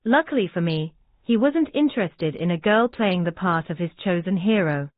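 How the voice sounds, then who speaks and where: A woman reading the lines of a bitter, scheming orphaned girl in a slow, even way, on a dry, tinny recording. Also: lowish voice, no echo, close to an everyday voice. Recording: dry, tinny phone-like sound.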